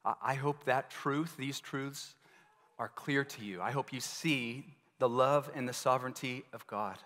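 A man preaches a sermon in an earnest, searching manner and keeps turning to his listeners with questions. His voice sits at a middle pitch. It rings out with a long reverb through a large hall. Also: measured pace, a bit bright. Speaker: pastor.

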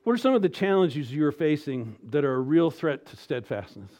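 A middle-aged male pastor delivering a sermon, moving between hushed, almost whispered reassurance and loud, emphatic exhortation. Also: on the high side, big pitch swings, moderate pace.

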